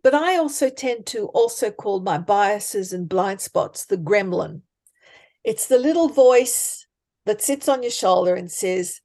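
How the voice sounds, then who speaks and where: A woman life coach, speaking emphatically and deliberately as a podcast guest. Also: medium pitch, animated, darkish tone. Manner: emphatic, deliberate, acts out example thoughts. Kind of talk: conversational coaching talk.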